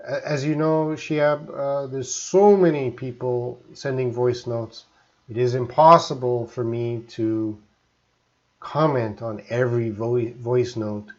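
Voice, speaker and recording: A man from Canada teaching English on a live stream, speaking slowly and deliberately and often checking that listeners follow. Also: medium pitch, lo-fi sound. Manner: slow, deliberate teacher talk with frequent check-ins.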